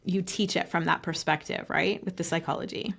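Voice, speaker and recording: A woman's voice: fairly low pitch, fairly even intonation, a little fast, creaky, fairly bright tone, slightly rough. A woman hosting a podcast interview, talking in a chatty way with many fillers and affirming murmurs. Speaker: podcast host.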